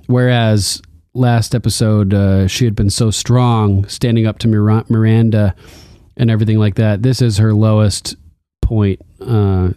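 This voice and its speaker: Chatty young man recapping, mellow voice. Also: dry recording, studio quality. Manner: rambling, laughs often, acts out quotes in a higher voice. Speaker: podcast co-host. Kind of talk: casual chat recapping a TV episode.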